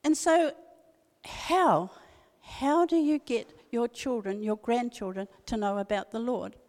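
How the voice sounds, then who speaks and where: A woman's voice: a little high, slow, darkish tone. An older woman giving an earnest devotional talk at a church meeting, telling a family story and repeating key phrases for emphasis. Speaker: speaker at a women's church meeting. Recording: long reverb of a hall.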